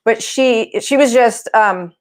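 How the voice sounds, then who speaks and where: A woman co-hosting a podcast, talking in a thoughtful, soft way in casual conversation. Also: on the high side, takes it slowly. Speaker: podcast co-host.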